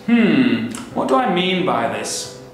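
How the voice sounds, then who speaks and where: A man with a Lancashire accent hosting a children's show, talking in an animated, theatrical way with big swoops in his voice. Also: on the high side, takes it slowly. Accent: Lancashire English. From Lancashire, north of England. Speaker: children's show host and teacher. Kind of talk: lively presenting for children. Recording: very echoey room with music behind.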